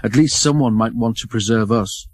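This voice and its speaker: A man's voice: medium pitch, moderate pace, breathy edge, lightly acted. A man voicing a conceited male steam engine in a storybook reading, speaking scornfully and grumbling.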